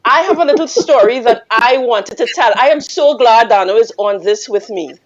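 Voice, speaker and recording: A Trinidadian woman guest telling a teasing, animated story with frequent laughter. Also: fairly high pitch, moderate pace, muffled recording. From Trinidad and Tobago. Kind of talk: casual storytelling on a radio call-in.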